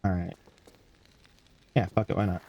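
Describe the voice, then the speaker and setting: A man's voice: deep voice, little pitch movement, measured pace, mellow, breathy edge, dull audio. A tired young man talking casually to himself while streaming a game, mumbling and swearing now and then. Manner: drowsy, yawning, mutters to himself, swears casually. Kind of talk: casual gameplay commentary.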